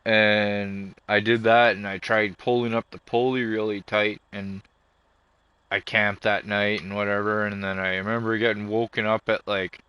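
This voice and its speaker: A man's voice: on the low side, a bit bright, smooth, dry recording. A man vlogging, telling a long rambling story full of swearing and rants. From Canada. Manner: profane, ranting storyteller. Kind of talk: casual rambling monologue.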